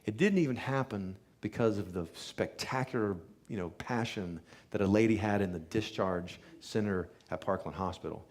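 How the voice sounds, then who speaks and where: A lowish, darkish male voice tells a live audience an earnest testimonial: a chiropractor recounting a patient's healing, acting out the quoted lines along the way.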